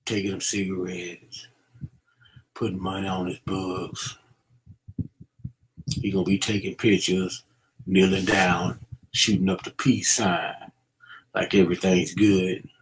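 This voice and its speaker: A man's voice: sits low, little pitch movement, slow, pauses often, a little hiss or hum. A middle-aged man giving casual, preachy commentary, using street slang and many fillers as he warns young people. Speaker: vlogger.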